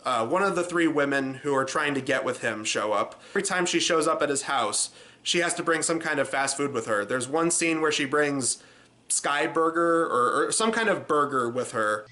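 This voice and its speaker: A man reviewing a low-budget movie in a casual, sarcastic, rambling way. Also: normal speed, bright, forceful tone.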